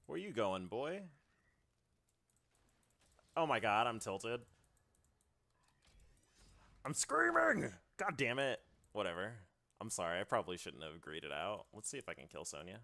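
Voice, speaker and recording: Low gravelly man trash-talking over gameplay. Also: expressive, moderate pace, long pauses, fairly bright tone. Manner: trash-talking, swears, bursts into laughter and yelps. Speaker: streamer. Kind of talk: live gameplay commentary.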